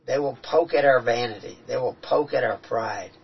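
A man's voice: medium pitch, normal speed, vocal fry, slight background noise. A man telling earnest, reflective stories about his spiritual experiences in a casual talk. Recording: dull, distant-sounding recording.

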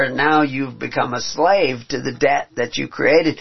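A man's voice: medium pitch, steady tone, gravelly, breathy edge. Earnest male preacher, lo-fi recording. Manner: earnest, rising to emphatic peaks, halting restarts. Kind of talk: sermon with scripture reading. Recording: dull lo-fi recording.

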